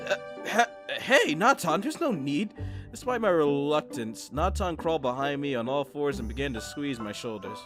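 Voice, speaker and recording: A man reading a visual novel aloud with joking commentary, laughing at himself and dropping low for the narration. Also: animated, moderate pace. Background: game music.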